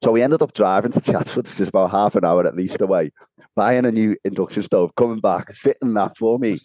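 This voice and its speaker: Brief: male podcast co-host, low dark voice, dry close sound, chatty storyteller who laughs a lot. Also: brisk, no room sound, rough recording. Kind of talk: casual chat. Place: home kitchen.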